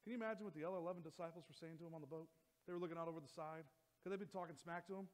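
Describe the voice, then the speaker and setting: A man, a youth pastor, preaching a sermon and telling a lively story, acting out voices as he goes. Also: a little high, racing. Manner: animated storytelling, acts out his own voice and others'. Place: church hall.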